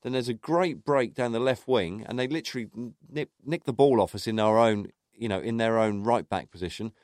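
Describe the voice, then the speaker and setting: A man's voice: mid-range voice, a little mellow, dry recording. Man, casual football chat, stop-start delivery, dry sound. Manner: chatty, halting, many restarts. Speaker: podcast co-host.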